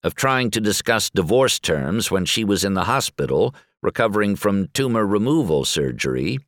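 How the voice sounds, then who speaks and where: A man narrating a magazine article in a measured, articulate reading voice. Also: on the low side, very animated, a bit bright, dry recording, studio quality.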